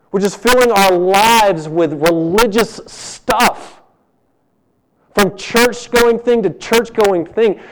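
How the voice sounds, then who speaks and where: Give me a pastor mid-sermon, a man with a raised-pitch voice and urgent emphasis. His delivery rises and falls sharply in volume. He leans into the words when he wants them to land. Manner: emphatic, swings from loud urging to hushed.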